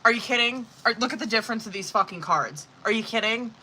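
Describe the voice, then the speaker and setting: A woman's voice: fairly high pitch, fast talker, sharp tone, breathy edge, low-quality recording. A woman running a live-streamed tarot reading in a casual, rambling way, with heavy swearing, many fillers and exasperated asides. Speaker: tarot reader.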